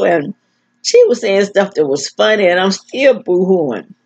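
An older woman talking frankly to her camera, with effortful speech that stumbles and repeats while she searches for words. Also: medium pitch. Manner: frank, plain-spoken. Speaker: vlogger. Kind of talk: casual personal talk to camera. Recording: dull lo-fi recording.

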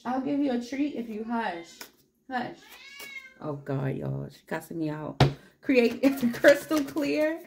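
A woman's voice: mid-range voice, darkish tone, slight background noise. A woman giving a casual tarot reading, upbeat and encouraging, chatting straight to her viewers, with a cat meowing in the background. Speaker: tarot reader.

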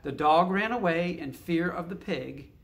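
Man, picture book read-aloud, slow pace, slightly high voice, casual asides. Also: fairly bright tone. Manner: adds casual asides and hums between lines. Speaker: narrator.

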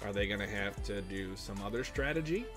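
A man's voice: on the low side, lively intonation, brisk. Analytical man with faint music. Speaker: co-host of an anime reaction channel. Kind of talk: casual chat.

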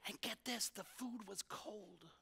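A man putting on a hushed, catty gossiping neighbor. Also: high-pitched, measured pace, creaky, exaggerated voice. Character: gossiping small-town neighbor, nosy and catty.

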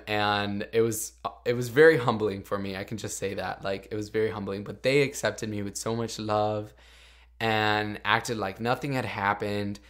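A man's voice: lowish voice, a bit bright. A young man hosting a podcast, telling a personal story in an earnest, confessional way with lots of "like". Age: young adult. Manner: earnest and confessional, heavy use of "like". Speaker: podcast host. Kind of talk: casual storytelling.

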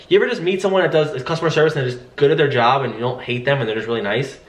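A man's voice: medium pitch, very fast, few pauses, echoey room. A man coaching sales agents in a casual way, acting out friendly phone greetings. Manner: acts out upbeat phone greetings. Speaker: sales trainer.

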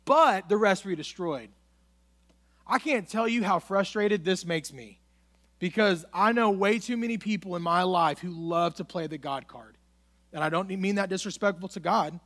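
A young male pastor with a fairly high voice gives a loose, conversational sermon. He reads scripture aloud and acts out the lines of the story, talking to his listeners like friends. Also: normal speed, fairly bright tone. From United States. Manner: casual, conversational preaching, dramatizes Bible dialogue. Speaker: student pastor.

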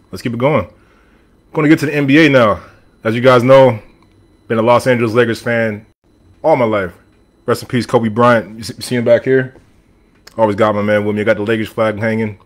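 A man hosting a podcast alone, talking sports in a casual, animated and opinionated way. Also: lowish voice. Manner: animated, opinionated, talks straight to the audience. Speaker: podcast host. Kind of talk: casual sports talk monologue. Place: room with a team flag on the wall.

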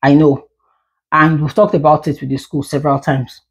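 A woman in her thirties who vlogs about parenting rants candidly to the camera in a talking-head style, speaking emphatically and often repeating words when she gets heated. Her voice is deep, with little pitch movement, at a normal speed.

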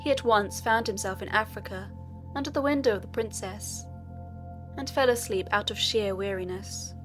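A woman narrating a fairy tale audiobook in a steady storytelling manner. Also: medium pitch, moderate pace, faint music behind.

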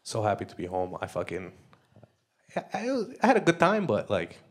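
On a comedy club stage, a young Canadian man does crude, loose stand-up and frequently cracks up at his own jokes. His voice is on the low side with a wildly swooping pitch and a moderate pace. The live club audience is audible, laughing.

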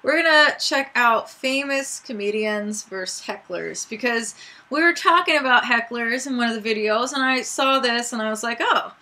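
A woman's voice: a little high, moderate pace, sharp tone. A woman hosting a reaction video, chatting casually and bubbly to her viewers in a rambling way. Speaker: YouTube reaction host. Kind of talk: casual chat to camera.

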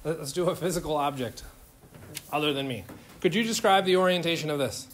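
Male chemistry instructor, slightly high voice, informal and jokey, quizzes the room as he lectures. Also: brisk, fairly bright tone. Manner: informal, joking, questions to students. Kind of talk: classroom lecture. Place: lecture classroom.

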